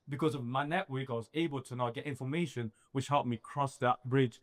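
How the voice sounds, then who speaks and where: A man's voice: medium pitch, fast talker, hardly any pauses, no room sound. A young man, an entrepreneur, giving a live motivational talk and acting out dialogue as he tells stories. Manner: animated storytelling, acts out his own quoted dialogue.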